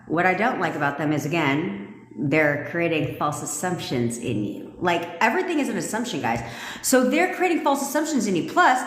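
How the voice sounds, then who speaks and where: Blunt, profane woman ranting in echoey room. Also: on the low side. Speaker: manifestation coach. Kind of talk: livestream rant. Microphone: phone livestream. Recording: echoey room with long reverb.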